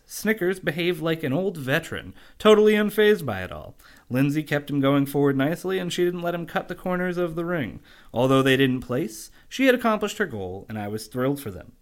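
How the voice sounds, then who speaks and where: A man co-hosting a comedy podcast, reading a sentimental story aloud and mocking it with profane jokes. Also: on the high side.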